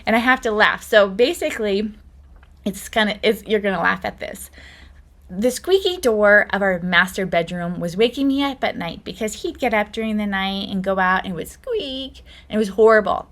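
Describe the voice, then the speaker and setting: A woman's voice: mid-range voice, animated, moderate pace, fairly bright tone. A middle-aged woman hosting a podcast, telling stories in a chatty, casual way and laughing often. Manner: chatty storytelling with frequent laughter. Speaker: podcast host.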